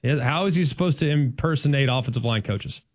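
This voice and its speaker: Animated sports talk host. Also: male voice, medium pitch, a little fast, dry recording, clean studio sound. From Dallas-Fort Worth, Texas. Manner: animated, playful, emphatic storytelling.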